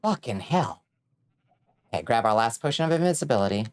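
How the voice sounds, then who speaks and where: A woman with an extremely low-pitched, brisk voice streams a video game, chatting casually with her viewers. She's excitable, shrieking and swearing whenever things go wrong or she's in danger.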